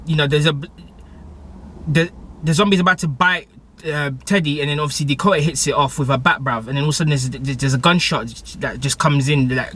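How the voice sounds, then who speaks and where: A young man recapping a TV episode in a casual, excitable way, full of slang, fillers and restarts. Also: a little high. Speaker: TV show reviewer.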